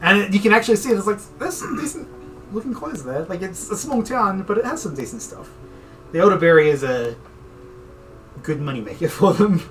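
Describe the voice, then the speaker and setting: A man's voice: sits high, animated, a little fast, a bit bright. A man narrating as game master in a tabletop game, chatty and often laughing. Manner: giggly, loose, chatty. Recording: distant mic with faint music.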